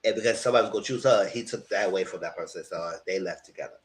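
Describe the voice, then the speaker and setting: A man giving casual, gossipy reality TV commentary, animated and freely profane. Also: low-pitched, racing.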